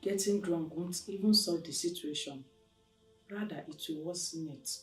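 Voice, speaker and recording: Actress as a caring confidante, very low voice, Nigerian accent, echoey, music underneath. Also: female voice, moderate pace, natural voice. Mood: earnest. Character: concerned woman urging a man to stop drinking. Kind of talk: film drama acting.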